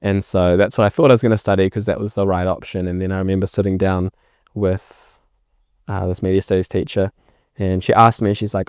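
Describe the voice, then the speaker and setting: A man's voice: low voice, fast, no room sound, studio quality. A young man with a New Zealand accent, a filmmaker telling his story in a casual podcast interview, acting out past conversations. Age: young adult. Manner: animated storyteller acting out remembered exchanges. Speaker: filmmaker guest.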